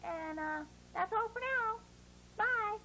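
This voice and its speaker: Female children's teacher, very high pitch, drawn-out phonics sounds, coaxing tone. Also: lively intonation, sharp tone, a little hiss or hum, poor audio.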